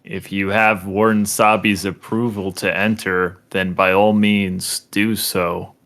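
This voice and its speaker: A man voicing a stiff, formal temple gatekeeper in a deliberately monotone voice. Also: medium pitch. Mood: flat.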